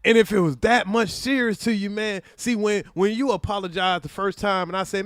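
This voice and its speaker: A high-pitched man reacts on a livestream, mocking and sarcastic, often mimicking over-the-top apologies. The sound is close and dry, with no room around it. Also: steady tone, a little fast, hardly any pauses, a bit bright, smooth, dry recording. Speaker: streamer reacting to a clip.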